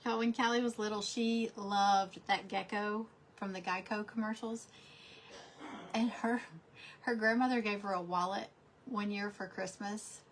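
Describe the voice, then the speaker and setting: A middle-aged woman chatting casually while she paints crafts, telling stories and often trailing into soft asides. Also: mid-range voice, steady tone, measured pace, slight background noise. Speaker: crafting vlogger.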